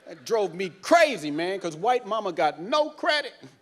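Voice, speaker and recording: High-voiced man doing cruise-ship stand-up. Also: big pitch swings, moderate pace. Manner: loud, teasing crowd banter. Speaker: cruise director. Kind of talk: stand-up comedy on stage.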